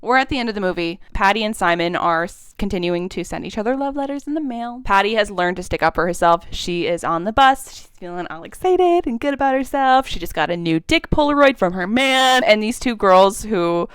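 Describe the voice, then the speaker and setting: A woman's voice: mid-range voice, expressive, brisk, hardly any pauses, clean tone, dry recording, clean studio sound. A woman doing a casual movie recap to camera. She gushes, swears freely and laughs often. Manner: gushing, profane, laughs often. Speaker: film reviewer.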